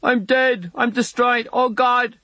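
A man voicing a rough, strong teenage boy, talking coarse and hissing. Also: medium pitch, normal speed, no room sound. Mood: yelping.

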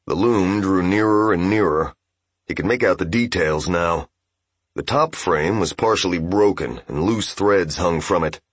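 A man narrating a fantasy game novel as an audiobook, in steady, even storytelling. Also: sits low, husky, dry recording.

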